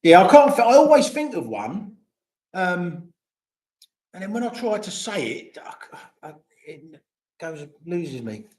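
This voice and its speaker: A man's voice: high voice, big pitch swings, unhurried, pauses often, darkish tone. An older man, chatting casually and rambling to viewers on a livestream, swearing freely. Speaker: vlogger. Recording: roomy echo.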